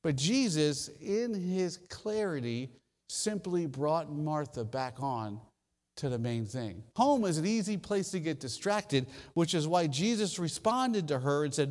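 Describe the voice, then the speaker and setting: A man preaching a sermon as pastor, animated, with drawn-out pauses and phrases that trail low. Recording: long reverb of a hall.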